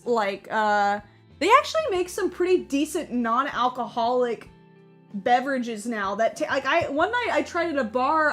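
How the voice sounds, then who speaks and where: A young woman gives casual commentary on a cozy game. She talks in a chatty, rambling way and leans on lots of fillers. Her voice is high-pitched, with quiet game music underneath. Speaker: gaming YouTuber.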